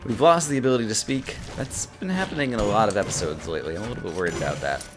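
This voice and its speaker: A man giving casual let's-play commentary, talking fast, tripping over his words and getting excitable, with game music behind him. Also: lowish voice. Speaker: gaming video host.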